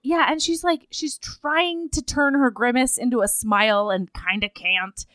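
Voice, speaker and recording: A woman chatting casually, retelling a story in a lively, animated way and acting out the quotes. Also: a little high, a little slow, dry recording. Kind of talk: casual chat recapping a story.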